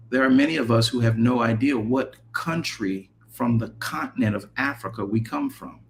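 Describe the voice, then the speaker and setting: This is an American man preaching at a mid pitch, earnest and deliberate. He slows and stumbles when he lists things. A faint hiss runs under his voice. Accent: American English. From United States. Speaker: minister. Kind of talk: preaching talk.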